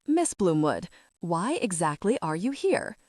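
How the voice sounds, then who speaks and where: A woman's voice: fairly low pitch, very animated, measured pace, darkish tone, no echo, studio quality. A woman voicing a sarcastic, clipped male bank manager in an audiobook. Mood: cold, sarcastic. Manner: scathing, clipped.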